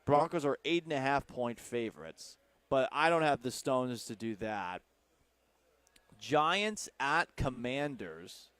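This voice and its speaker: A Texan man hosts sports talk radio from a studio, reading promos and fielding listener questions. He is loose and rambling, often joking at his own expense. His middle-pitched voice is close and dry on the mic. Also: expressive, slow, a bit bright, smooth, no echo. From Texas. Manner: playful, rambling, self-mocking. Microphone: studio microphone.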